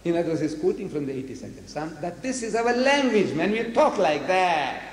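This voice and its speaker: A South African man giving a public lecture, animated, throwing rhetorical questions at the audience. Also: high voice, brisk. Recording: echoey hall with faint noise, archive lecture.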